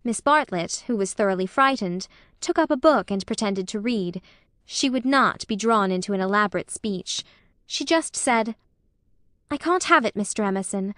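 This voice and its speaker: A woman narrating a classic novel as an audiobook in a measured, expressive way. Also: medium pitch, no echo, clean studio sound.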